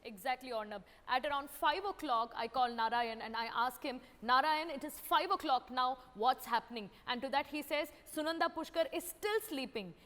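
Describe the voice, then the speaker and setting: High-voiced woman recounting events on a panel. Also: moderate pace, few pauses, a bit bright, long reverb tail. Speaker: debate panelist.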